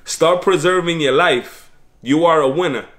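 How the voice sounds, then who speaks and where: A man's voice: fairly high pitch, a little slow, fairly bright tone. A man giving preachy, streetwise life advice in a casual motivational monologue.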